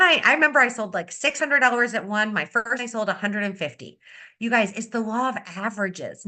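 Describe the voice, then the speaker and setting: A woman beauty consultant giving an upbeat, energetic sales-training talk on a video call, repeating her key advice. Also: medium pitch. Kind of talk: coaching talk on a video meeting.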